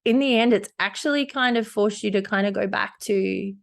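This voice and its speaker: A woman co-hosting a podcast in casual chat, warmly affirming and agreeing. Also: medium pitch, fairly quick, creaky. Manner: supportive, frequent affirmations. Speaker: podcast co-host.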